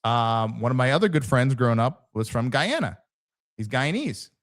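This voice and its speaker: A man's voice: mid-range voice, big pitch swings, normal speed. A man hosting a podcast in casual conversation, telling stories with animation and acting out the voices of people he quotes. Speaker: podcast host, former police officer.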